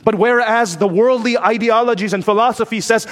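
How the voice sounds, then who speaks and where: A man's voice: high voice, steady tone, a little fast, fairly bright tone. A man preaching a sermon emphatically, letting his voice rise and fall for emphasis. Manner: emphatic preaching, rising and dropping for effect. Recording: long reverb from a large hall.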